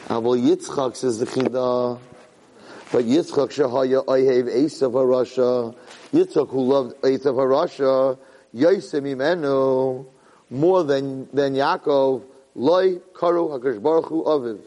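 A man teaching a Torah class, animated, jumping high when he acts out a yelling parent. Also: a little slow. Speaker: Torah lecturer. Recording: long hall reverb.

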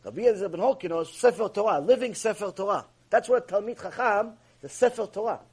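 A man's voice: sits high, fast, darkish tone, husky. A man giving a mussar lecture as a Torah teacher. He is emphatic, repeats himself and asks many rhetorical questions.

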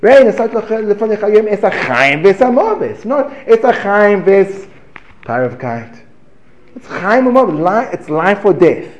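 A man giving a lively Torah class, asking rhetorical questions, breaking off mid-phrase and chuckling as he teaches. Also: high voice, measured pace. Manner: animated, rhetorical questions, self-interrupting and chuckling. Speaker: religious teacher. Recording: echoey room.

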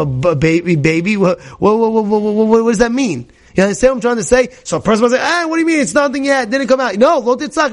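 A man giving an informal Torah class, telling stories in a chatty, repetitive way and often asking the audience questions. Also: sits high. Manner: chatty, asks the audience questions, repeats phrases, acts out shouting characters. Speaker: rabbi teaching a class.

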